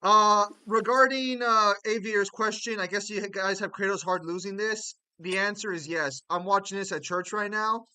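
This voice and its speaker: A man hosts a loose, profane stream chat, his voice bright and crisp. He drifts between mumbling asides and sudden loud outbursts. The sound is dry and close to the mic. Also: sits high, normal speed, hardly any pauses, dry recording. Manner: rambling, swears, animated outbursts. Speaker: streamer host.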